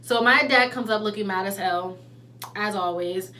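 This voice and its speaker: Young woman doing a storytime vlog, bright voice, lots of slang and energy. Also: medium pitch, normal speed, slight background noise. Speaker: vlogger. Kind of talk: casual storytime.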